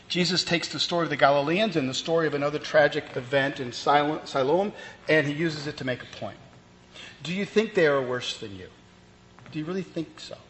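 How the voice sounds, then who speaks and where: A man's voice: fairly high pitch, brisk, fairly bright tone. A man preaching a sermon in a conversational way, with fillers and restarts as he explains the text. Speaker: pastor. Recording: long reverb, faint ambient noise.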